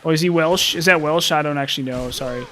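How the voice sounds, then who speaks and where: A man commentating his gameplay in a loose, rambling way, thinking out loud and poking fun at himself. His voice sits a little high. A faint background hum sits under the talk. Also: fast talker. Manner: rambling, thinking aloud, self-deprecating.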